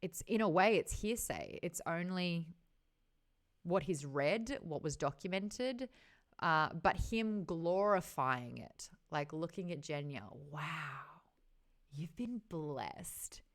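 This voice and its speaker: A woman's voice: fairly low pitch, animated, slow. A woman with an Australian accent hosting a casual book discussion, retelling scenes and acting out the characters' lines. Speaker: book club host.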